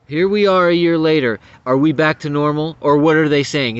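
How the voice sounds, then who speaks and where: A man's voice: fairly high pitch, moderate pace, hardly any pauses, clear, resonant tone. A man giving an angry, profane political rant to camera, getting worked up and stumbling over repeated words. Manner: profane, agitated, stumbling restarts. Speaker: vlogger. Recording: dull lo-fi audio.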